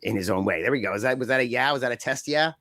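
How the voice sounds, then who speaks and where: A man co-hosting a casual wrestling podcast, rambling and joking, slipping into quick silly voices. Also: mid-range voice, sharp tone, dry recording, studio quality. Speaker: podcast co-host.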